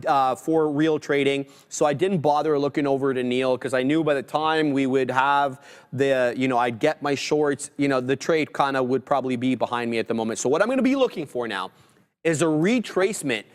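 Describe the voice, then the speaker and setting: Hyped male trading host, reverby sound. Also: fairly high pitch. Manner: hyped, excitable, auctioneer-like calls. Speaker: stream host and trader. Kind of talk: live trading commentary.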